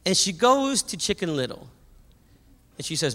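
A man preaching a sermon, telling a story with animated energy and raising his voice at the high points. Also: normal speed, long pauses. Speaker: pastor. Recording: long hall reverb.

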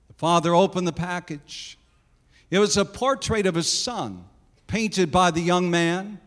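High-voiced male preacher telling a story. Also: a bit bright, big-room sound. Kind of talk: sermon illustration storytelling.

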